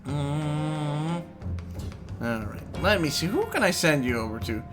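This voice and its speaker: A man's voice: on the high side, big pitch swings, slow. A man streaming live, chatting casually and rambling to his viewers while he plays. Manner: rambling, chatty, talks to chat while playing. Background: game music.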